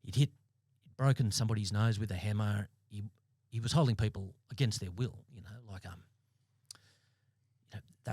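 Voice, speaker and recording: An Australian man in his fifties, a former police sergeant, telling his story as a podcast guest in a blunt, halting way with many restarts. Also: lowish voice, darkish tone, no room sound, clean studio sound. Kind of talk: interview storytelling. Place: podcast studio.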